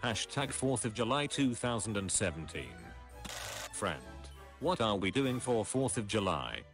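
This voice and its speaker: A man with a lowish voice reads meme captions aloud on a casual stream, his pitch swinging widely as he delivers each joke. Music plays clearly behind him. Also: normal speed. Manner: reads captions aloud, drops into deadpan low voices for punchlines. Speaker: streamer reading memes aloud.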